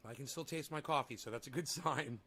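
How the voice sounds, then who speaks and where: A man's voice: mid-range voice, a little fast, pushed and bright. Rambling man livestreaming while sick. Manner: rambling, swears freely, talks to his dog and chat. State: sick and a little winded. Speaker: livestream host. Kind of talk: casual livestream chat.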